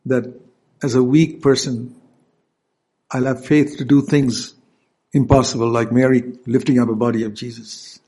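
A man's voice: mid-range voice, fairly even intonation, normal speed, warm tone, husky. A male preacher giving an earnest sermon, stopping to explain scripture verses.

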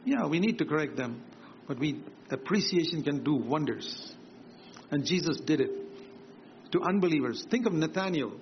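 A man's voice: expressive, moderate pace, slight background noise. A man preaching a sermon, emphatic and repetitive, lifting his voice for quoted words. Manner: emphatic, repeats key phrases, swings higher for quoted words. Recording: dull lo-fi sermon recording with faint ambience.

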